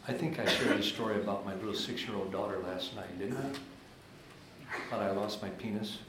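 A man giving a church seminar talk, telling stories with animated, emphatic swings into high excited tones. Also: brisk. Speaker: guest speaker at church seminars. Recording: very echoey hall with faint room noise.

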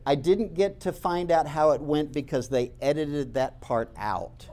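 A man's voice: a little high, unhurried, darkish tone. A man telling stories in a conversational way, speaking straight to his listeners and acting out the voices he quotes. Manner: conversational, addresses listeners directly. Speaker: speaker recounting campus talks. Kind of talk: animated storytelling talk.

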